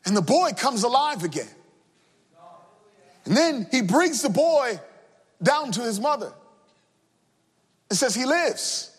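A man preaching a sermon with impassioned delivery, sung cadences and shouted refrains. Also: very high voice, big pitch swings, slow, pauses often, breathy edge. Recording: long hall reverb.

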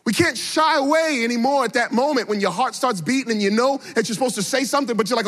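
A middle-aged man preaching a sermon, repeating phrases for emphasis and rising from quiet storytelling into fervent, near-sung exhortation. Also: very high-pitched, sing-song, quick pace. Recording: long hall reverb.

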